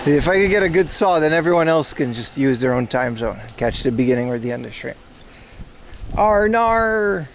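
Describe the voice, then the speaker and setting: A man's voice: medium pitch, steady tone, fast, hardly any pauses, slight background noise. A man hosting a livestream outdoors, chatting loosely and joking back at his viewers as he walks. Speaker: livestream host. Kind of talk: rambling casual chat to viewers. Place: outdoors on city streets.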